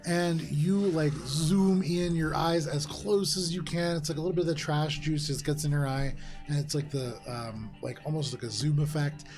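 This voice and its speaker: Rambling game master, higher voice. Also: male voice, steady tone, moderate pace, over music. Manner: casual, rambling, full of fillers. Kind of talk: narrating a tabletop game.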